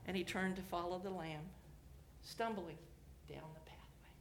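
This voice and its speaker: A woman's voice: lowish voice, fairly even intonation, measured pace, a little hiss or hum. A woman telling a scriptural story and closing with reflective questions and a blessing, in a meditative sermon style.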